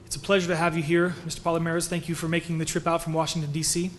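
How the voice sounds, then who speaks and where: Guy introducing the next speaker, quick monotone, kinda high voice. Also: slight background noise. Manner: brisk, flat delivery with fillers. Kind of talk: event introductions.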